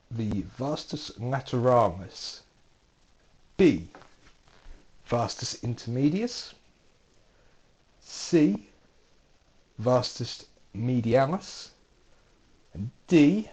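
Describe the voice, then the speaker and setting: A man's voice: medium pitch, a little mellow. A man, a university lecturer, reading out multiple-choice quiz questions with playful dry asides.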